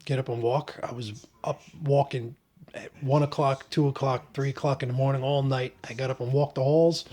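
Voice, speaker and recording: A man vlogging about his own surgery in a relaxed, joking way, with many ums and restarts. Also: mid-range voice, normal speed. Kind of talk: casual first-person storytelling.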